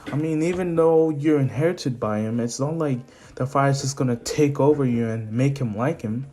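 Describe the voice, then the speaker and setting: A man's voice: medium pitch, normal speed, mellow, slight background noise, close to an everyday voice. A man voicing an earnest young male hero.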